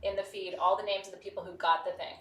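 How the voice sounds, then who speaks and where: Effusive woman host, mid-pitch, chatty sales patter, heard from a distance in a roomy space. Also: little pitch movement, fast, a bit bright. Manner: talkative, effusive, enthusiastic. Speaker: host of a live gemstone sales show. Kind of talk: chatty live sales presentation. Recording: roomy studio sound from a distance.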